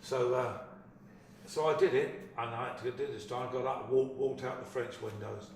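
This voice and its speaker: A man's voice: mid-range voice, a little fast, creaky. Older guy telling a story, mic set back in a big echoey room. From London, England. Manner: lively raconteur, acts out the people he quotes. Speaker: actor recalling a film shoot. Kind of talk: anecdotal storytelling. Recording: echoey room, distant mic, faint ambience.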